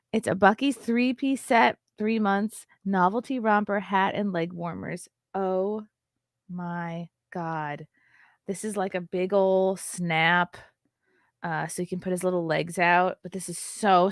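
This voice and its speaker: A woman's voice: mid-range voice, dry recording, clean studio sound. A woman in her thirties hosting a casual livestream, gushing and chatty with lots of fillers. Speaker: livestream host.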